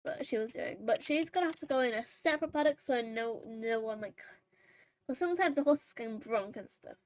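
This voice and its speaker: A woman with a somewhat high voice chats casually over her horse role-play gameplay. She rambles and corrects herself often, with plenty of fillers, in the easy manner of a gaming vlogger. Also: expressive, fairly quick, rough recording. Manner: rambling and chatty, full of fillers and self-corrections.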